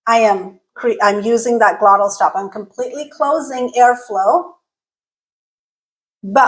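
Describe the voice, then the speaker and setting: A woman giving a video lesson on English pronunciation, explaining clearly and deliberately and demonstrating sounds slowly. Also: on the high side, poor audio.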